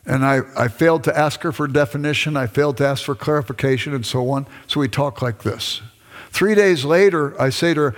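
This is a former pastor turned lecturer, an older man with a slightly high voice talking at a moderate pace. He addresses a class in a conversational way, playing out bits of exchanges with his wife as he goes. A long hall reverb hangs over everything.

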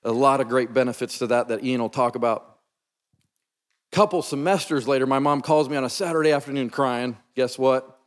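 A pastor with a mid-range voice preaches a sermon, sharing a personal story a little fast in an earnest, emphatic, conversational way. A long reverb from a large hall surrounds the recording.

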